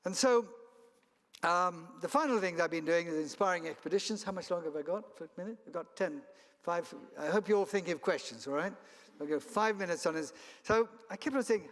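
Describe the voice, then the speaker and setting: A man's voice: sits high, fairly quick, a bit bright. Rambling anecdotal man, ringing hall. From Kenya and South Africa. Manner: rambling storyteller with restarts and chuckles. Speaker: founder and chairman of a travel company. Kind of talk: keynote talk with anecdotes. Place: event hall. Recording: long hall reverb.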